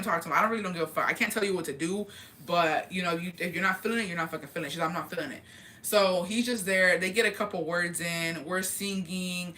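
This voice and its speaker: A young woman vlogger telling a casual storytime gossip tale, animated and profane, acting out the dialogue she quotes. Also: fairly low pitch.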